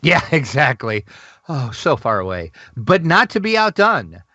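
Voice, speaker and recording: A man co-hosting a casual gaming news podcast, excitable and gushing, laughing often. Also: medium pitch, unhurried, no echo, lo-fi sound. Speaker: podcast co-host.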